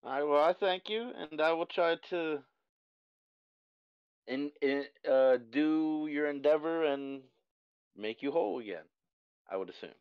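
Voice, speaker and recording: A man voicing an honest, dim-witted adventurer who talks in halting, stumbling phrases. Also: on the high side, animated, clean tone, dry recording, muffled recording.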